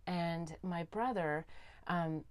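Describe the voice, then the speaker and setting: A woman hosting a talk show, telling a story to her guest with eager energy and sometimes sinking to a soft hush for heartfelt points. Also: lowish voice, takes it slowly, no room sound. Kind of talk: animated interview storytelling. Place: recording studio.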